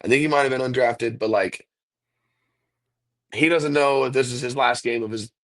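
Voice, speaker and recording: A man's voice: mid-range voice, normal speed. A man, a professional football kicker, talking casually as the guest in an interview, rambling through stories with lots of "like" and "dude". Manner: laid-back, rambling storyteller, says "like" and "dude" a lot.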